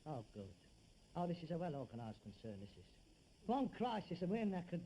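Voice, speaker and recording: Harold, a sarcastic rag-and-bone son. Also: male voice, on the high side, very animated, a little fast, dark tone, slight background noise, low-quality recording. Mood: sardonic. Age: middle-aged. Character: frustrated, sardonic middle-aged rag-and-bone son. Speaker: son in a sitcom. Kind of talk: 1960s studio sitcom acting.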